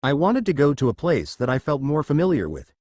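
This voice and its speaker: A man's voice: a little high, wildly swooping pitch, a little fast, darkish tone, no echo. Brief: nonchalant teasing wife, read by a man, dry close sound. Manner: sassy, nonchalant. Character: playful, teasing young wife.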